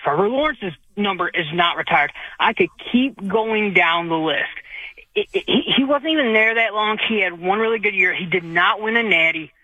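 A man's voice: high voice, animated, normal speed, pushed and bright, no room sound. A man calling in to a sports radio show, blunt and opinionated, often restarting his sentences and saying "man" and "dude". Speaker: caller. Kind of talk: opinionated call-in chat. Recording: dry, dull phone-line audio.

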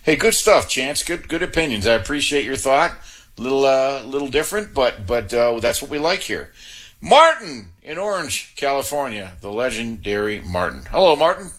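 A male sports radio host with a bright, forceful voice that swings up and down a lot. He talks in a chatty, joking way and takes calls. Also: medium pitch, big pitch swings. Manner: chatty, quick to joke and do movie lines. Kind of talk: call-in sports radio chat.

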